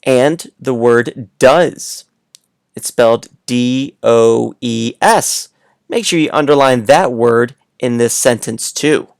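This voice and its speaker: A man's voice: mid-range voice, slow, vocal fry, clear, resonant tone, no echo, clean studio sound. A man teaching a read-aloud lesson to young children, playful and coaxing, speaking straight to the listener.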